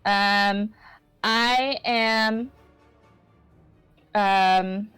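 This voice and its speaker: A woman's voice: mid-range voice, steady tone, extremely slow, a bit bright, smooth, no echo, soft background music, poor audio. A woman playing a tabletop game, describing her character with lots of fillers and hedges. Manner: rambling with many fillers and hedges. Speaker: player.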